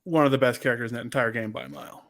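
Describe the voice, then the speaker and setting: A man's voice: mid-range voice, steady tone, very fast, gravelly, a bit bright. A man hosting a casual interview in an easygoing, chatty way. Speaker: podcast host.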